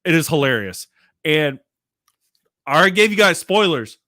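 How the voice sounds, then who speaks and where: A man's voice: on the high side, sing-song, normal speed, pushed and bright. A man hosting his own show, ranting casually with lots of swearing and constant fillers. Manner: profane, rambling, filler-heavy. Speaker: podcast host. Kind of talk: casual rant.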